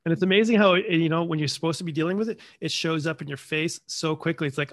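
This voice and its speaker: Gravelly-voiced joking male host. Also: on the high side, fairly even intonation, fast, hardly any pauses, dry recording, studio quality. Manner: jokey, acts out imagined dialogue in quoted asides. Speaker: podcast host. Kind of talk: casual podcast conversation.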